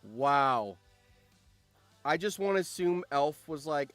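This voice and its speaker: A man's voice: on the high side, animated, slow, pauses often, a bit bright, dry recording, soft background music. A man streaming and commenting on a game, reading out results, laughing often and swearing.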